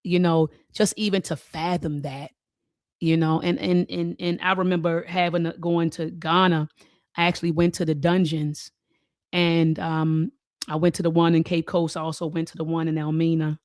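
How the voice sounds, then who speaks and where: A woman's voice: low-pitched, flat delivery, moderate pace, a little mellow, no room sound, clean studio sound. A woman hosting a talk show, reading a document aloud and stressing key words, with casual asides to her viewers.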